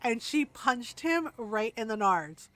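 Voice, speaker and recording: A chatty woman streaming a game and telling stories as she plays, breaking into laughter and mimicking the people she quotes. Her voice sits a little high, and the sound is close and dry. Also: big pitch swings, slow, a bit bright, no echo. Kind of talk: casual chat while gaming.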